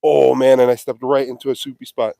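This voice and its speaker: A man with a medium-pitched, gravelly, warm voice speaks a little fast and with little pitch movement. He's a livestream vlogger feeding cattle, strolling an outdoor field with a handheld mic, chatting casually and singing out playful calls to the animals.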